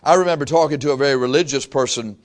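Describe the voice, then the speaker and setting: A man preaching a sermon as pastor, slow and emphatic, drawing out his phrases for weight. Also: medium pitch. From raised Catholic.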